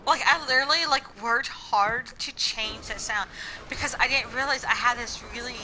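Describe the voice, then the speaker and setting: A woman's voice: on the high side, normal speed, background noise. A woman with a slight Southern accent, chatting casually to her viewers in a rambling, stream-of-thought way, full of "like" and "you know". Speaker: vlogger.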